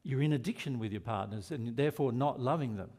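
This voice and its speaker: A man's voice: medium pitch, fast talker, mellow. A man with an Australian accent giving a spiritual seminar, earnest and asking the audience rhetorical questions. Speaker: spiritual teacher.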